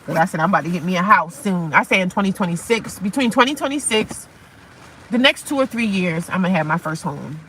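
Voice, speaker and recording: A woman's voice: fairly low pitch, lively intonation, brisk, a bit bright, a little hiss or hum, poor audio. A woman vlogging casually from her parked car in the rain, chatty and repetitive, calling her viewers honey and baby. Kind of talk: casual chat to camera.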